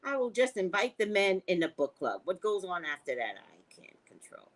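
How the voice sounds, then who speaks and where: An American woman, a psychic who hosts livestreams, chats casually with viewers, reading their comments and telling stories at a moderate pace. She's playful, profane, and animated, her pitch jumping sharply as she goes, and the recording is rough.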